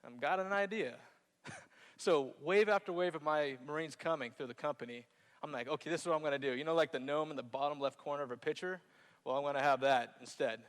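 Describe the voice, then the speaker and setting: A man's voice: fairly high pitch, fast talker. A man who served in Iraq, telling a playful, jokey personal story on stage and acting out scenes. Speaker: Marine veteran telling his story on stage. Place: theater stage. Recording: hall reverb.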